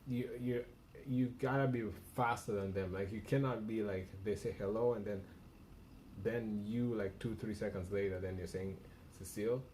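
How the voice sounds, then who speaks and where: A man's voice: on the low side, fairly even intonation, moderate pace, warm tone, slight background noise. A man coaching a cold caller on a live stream, bluntly and with lots of repetition as he reviews a recorded call. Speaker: cold-calling sales coach.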